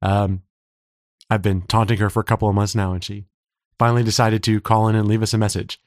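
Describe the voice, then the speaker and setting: A man co-hosts a podcast, chatting in a casual, joking way. His throat is slightly scratchy. His voice sits a little low, and the sound is dry and close. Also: little pitch movement, brisk, dry recording. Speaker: podcast co-host.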